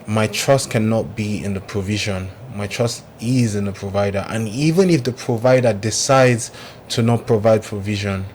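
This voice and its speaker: A man's voice: lowish voice, darkish tone, slight background noise. Reflective man hosting a faith chat. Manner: reflective, speaks in measured faith-minded phrases. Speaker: podcast host. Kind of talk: casual faith conversation.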